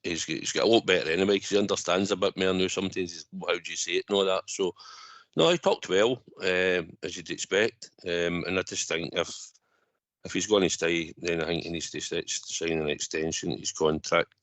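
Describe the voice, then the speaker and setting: A Scottish man calling in to a fan radio show, talking in a measured way with many fillers. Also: low voice, fairly bright tone, no echo. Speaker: caller. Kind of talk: phone-in chat.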